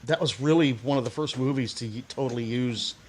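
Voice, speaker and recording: A man's voice: mid-range voice, brisk, darkish tone, a little hiss or hum. A man co-hosting a casual podcast chat, talking in loose, rambling sentences with frequent restarts. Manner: rambling, lots of restarts and fillers. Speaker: podcast co-host.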